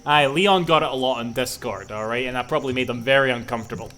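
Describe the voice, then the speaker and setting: A man's voice: mid-range voice, fast, fairly bright tone, soft background music. A man with a Scottish accent, rambling playfully and swearing as he streams a game. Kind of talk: casual gaming commentary.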